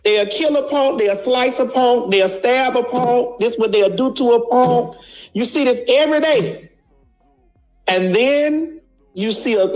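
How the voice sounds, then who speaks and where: A woman's voice: fairly high pitch, a little mellow. A woman giving a blunt, casual commentary, preaching her point and repeating lines for emphasis, swearing freely.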